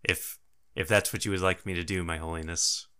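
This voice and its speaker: A man's voice: low-pitched, steady tone, brisk, sharp tone, smooth. A man voicing a nervous, overly deferential male goblin servant who stammers and apologizes constantly. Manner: stammering, apologetic, keeps repeating honorifics.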